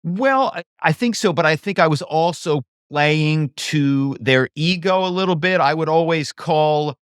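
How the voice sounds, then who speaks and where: A man's voice: on the high side, unhurried, smooth, no room sound, studio quality. Man telling stories as a podcast guest. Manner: animated, acts out phone calls in voices. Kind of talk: casual interview storytelling.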